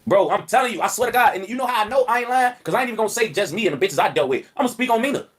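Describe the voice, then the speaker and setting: Streamer, young man: rapid, lively delivery, animated, crude storytelling. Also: sits high. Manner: animated and profane, saying "folks" constantly. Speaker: livestreamer. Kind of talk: storytelling and joking on a live stream.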